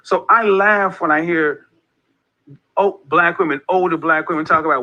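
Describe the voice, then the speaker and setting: A high-voiced man speaks at normal speed, giving a preachy, impassioned monologue in his role as an online group leader and repeating his points with emphasis. The recording is lo-fi with a dull quality.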